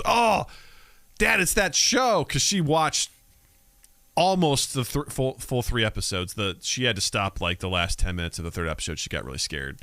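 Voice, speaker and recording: Animated man telling family stories. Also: low-pitched, clear, resonant tone, dry recording. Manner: animated storyteller acting out family dialogue. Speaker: podcast co-host. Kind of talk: casual chat.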